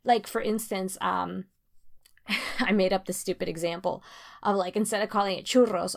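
Woman, gravelly, mid pitch, casual rambling talk, restarts often. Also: normal speed. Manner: rambling, self-interrupting, animated when emphatic. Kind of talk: casual conversation.

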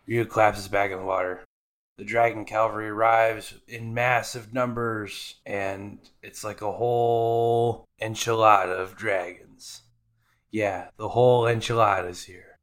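A man's voice: lowish voice, steady tone, unhurried, fairly bright tone. A man hosting a podcast, casually recapping anime episodes with irreverent, profane asides. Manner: irreverent, swears freely, mock voices for characters.

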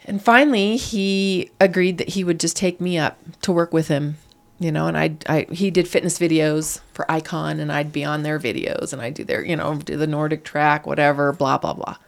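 A middle-aged woman, a podcast guest, telling a painful personal story in an earnest, animated way. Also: sits low, moderate pace, creaky. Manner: earnest, animated, acts out quoted voices.

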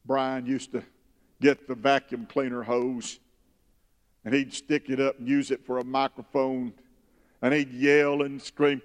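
Pastor preaching in a reverberant hall. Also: male voice, medium pitch, flat delivery, unhurried. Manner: preaching with bursts of loud emphasis and scripture reading. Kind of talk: sermon. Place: church sanctuary.

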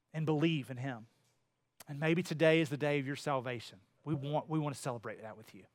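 Pastor, male, slightly high voice; passionate sermon delivery that drops to a hush for key lines. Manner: impassioned preaching, swinging between loud emphasis and hushed lines. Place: church sanctuary.

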